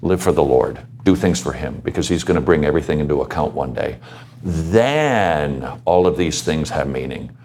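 A man's voice: extremely low pitch, lively intonation, moderate pace, darkish tone, slight background noise. A man giving earnest pastoral advice to students, asking his listeners questions and telling his own story. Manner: earnest, exhorting, asks the audience questions. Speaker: panel speaker.

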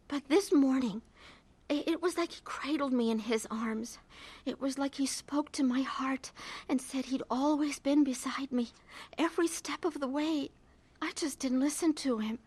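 A woman's voice: high voice, a little slow, a little mellow, no room sound. An actress playing a troubled middle-aged woman who narrates her own story in a radio drama, earnest and emotional. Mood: tearful.

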